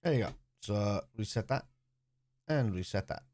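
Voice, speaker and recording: A man's voice: lowish voice, expressive, normal speed, a little mellow, slight background noise. Chatty man streaming a football watchalong. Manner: chatty, answers viewers' comments aloud. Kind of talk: casual live commentary, reading chat.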